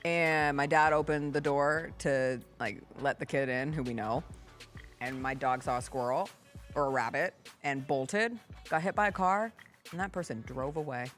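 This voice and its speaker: A woman's voice: low voice, moderate pace, soft background music. Chatty woman hosting a talk show. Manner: chatty, laughs easily. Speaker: host. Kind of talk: casual chat.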